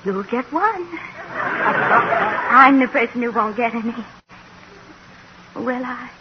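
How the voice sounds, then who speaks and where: A coy, lonely spinster. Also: female voice, fairly high pitch, animated, slow pace. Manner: coy, wistful, gently forward. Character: lonely, demure woman longing to be courted. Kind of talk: 1940s radio comedy acting. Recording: dull, faintly hissy old radio recording.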